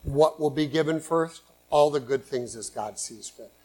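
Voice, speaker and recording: A man preaching a sermon in earnest, swinging between loud emphatic bursts and quiet asides. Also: fairly high pitch, moderate pace, low-quality recording. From San Francisco Bay Area, USA. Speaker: pastor.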